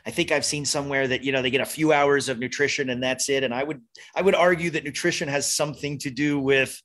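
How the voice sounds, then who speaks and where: A man's voice: medium pitch, steady tone, quick pace, fairly bright tone. Laid-back male podcast host. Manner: casual, says "bro", rambling questions. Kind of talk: casual conversation.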